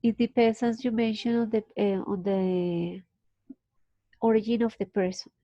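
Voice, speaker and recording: Colombian lady teacher walking through pronunciation, mellow dull audio, patient. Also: mid-range voice, steady tone, dry recording. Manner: patient, explains slowly with restarts. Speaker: English teacher. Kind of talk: online class explanation.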